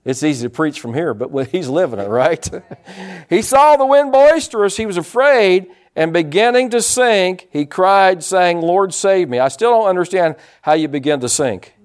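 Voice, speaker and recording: A male pastor preaching a sermon, animated, acting out quotes and calling for responses from the congregation. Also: sits high, normal speed.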